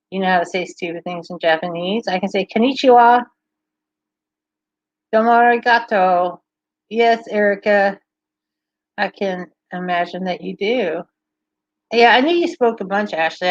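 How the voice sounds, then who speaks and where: A woman's voice: medium pitch, a bit bright, no echo, lo-fi sound. A woman from Kentucky with a mild Southern accent, hosting a casual livestream and chatting playfully while reading out viewer comments. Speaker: livestream host.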